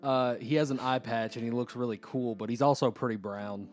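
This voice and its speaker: A man's voice: mid-range voice, brisk, loud music behind the voice. A man co-hosting a casual podcast, running through a video game's plot points. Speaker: podcast co-host. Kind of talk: casual chat recapping a video game.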